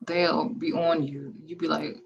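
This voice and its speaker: A woman's voice: sits low, little pitch movement, measured pace, vocal fry, dull audio, a little hiss or hum. A woman co-host in casual chat, laughing along and making wry asides.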